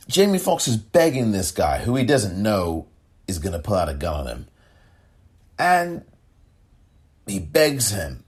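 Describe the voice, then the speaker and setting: Male podcast host, political commentary, very low pitch, slow deliberate emphatic delivery, indignant. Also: slightly rough.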